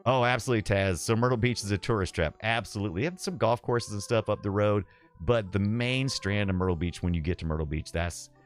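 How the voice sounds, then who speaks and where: A middle-aged man from the southeastern US talks through a live game stream in a fairly low voice. He rambles nostalgically and chats with viewers between moves. Soft game music plays underneath. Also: quick pace. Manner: rambling, nostalgic, reads chat aloud.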